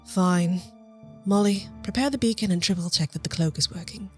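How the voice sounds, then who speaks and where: A woman's voice: fairly low pitch, moderate pace, faint music behind, natural voice. A woman voicing a stern, frustrated ship captain who talks curtly and with exasperation. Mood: exasperated. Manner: curt and exasperated.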